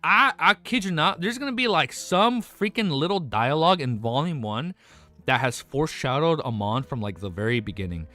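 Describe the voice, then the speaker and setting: A young man streaming live and chatting casually with his viewers. He rambles excitedly, swears, laughs often and says he is overwhelmed and lightheaded. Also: on the high side, moderate pace, dry recording. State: overexcited and lightheaded. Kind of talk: excited casual livestream chat.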